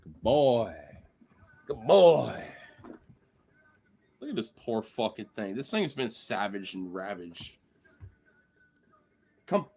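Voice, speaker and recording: A man streaming live while playing with his pets, excitable, coaxing and teasing them and swearing a lot. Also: fairly low pitch, slow, long pauses, a little hiss or hum. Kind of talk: casual live-stream chat.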